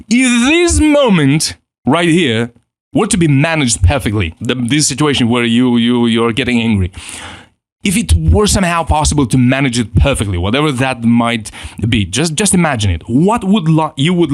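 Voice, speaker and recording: A man teaching a self-help lesson in an animated way, acting out quoted inner voices and often repeating himself. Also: fairly high pitch, no echo, clean studio sound. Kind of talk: motivational teaching.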